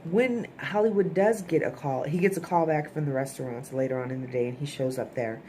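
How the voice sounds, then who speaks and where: A woman's voice: deep voice, a little fast, warm tone, a little hiss or hum. A woman giving a chatty, opinionated recap of a TV episode, blunt and swearing casually. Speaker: TV episode reviewer.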